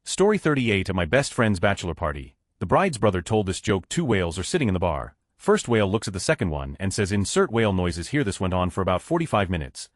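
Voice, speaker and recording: A man's voice: low-pitched, sing-song, fast talker, few pauses, dry recording, clean studio sound. A man reading a string of short jokes aloud as a narrator, raising his voice to announce each story number.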